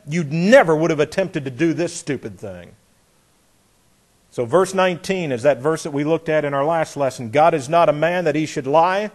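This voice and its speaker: A man's voice: fairly high pitch, moderate pace. A man teaching a Bible lesson in a folksy, emphatic way, reading scripture and acting out the speakers. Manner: folksy, emphatic, acts out voices, chuckles.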